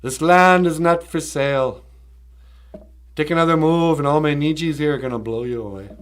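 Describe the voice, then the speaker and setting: A man voicing a hot-headed, newly proud hero who makes loud, boastful declarations. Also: mid-range voice, a little slow, natural voice. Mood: defiant. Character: hot-headed man, new-found tribal pride, defiant.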